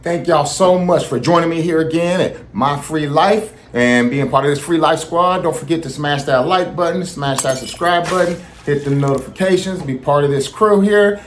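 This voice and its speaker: A man closes out his own channel video, talking straight to viewers in a relaxed and friendly way. His voice sits somewhat high for a man. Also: moderate pace, hardly any pauses, a little hiss or hum. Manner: friendly, direct sign-off to viewers. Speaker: channel host. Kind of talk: casual video outro.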